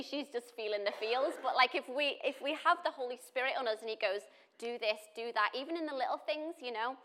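A woman's voice: mid-range voice, fairly bright tone. Chatty woman giving a sermon. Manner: conversational, with chatty asides and restarts. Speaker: church speaker.

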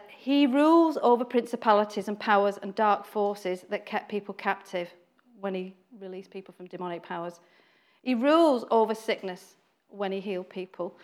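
A woman giving an informal, chatty sermon, acting out quoted voices and laughing now and then. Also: medium pitch. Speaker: preacher.

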